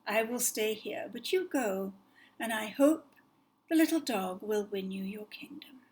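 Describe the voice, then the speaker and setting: A woman storyteller voicing a gentle, kind white cat queen who speaks in a soft, hushed, reassuring way. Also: medium pitch, expressive, a little slow, lightly acted.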